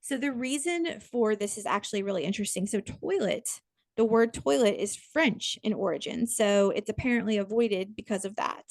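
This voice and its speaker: A woman co-hosting a podcast in easy, casual chat. She talks in a chatty, rambling way, breaking off and restarting her sentences. Her voice is recorded dry and close on a podcast mic, at a middle pitch. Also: lively intonation, moderate pace, a little mellow, dry recording. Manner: chatty, self-interrupting, lots of fillers. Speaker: podcast co-host. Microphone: podcast microphone.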